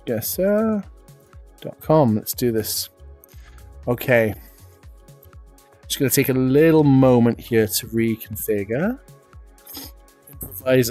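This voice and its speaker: A man's voice: mid-range voice, a little mellow. Chatty British man streaming, laughing easily. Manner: chatty, laughs often, self-deprecating. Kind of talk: casual live-stream chat.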